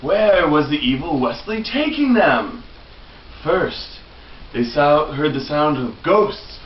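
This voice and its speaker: A man's voice: on the high side, big pitch swings, slow. A man telling his young nieces a made-up fairy tale in a playful way, often chuckling. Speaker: uncle telling a story to young children. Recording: distant, muffled, echoey, loud hiss.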